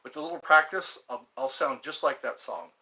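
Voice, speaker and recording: A man's voice: mid-range voice, expressive, brisk, sharp tone, soft background music. A man hosting a livestream, chatting casually and rambling with frequent chuckles. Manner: chuckling, drifting between impressions. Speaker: livestream host.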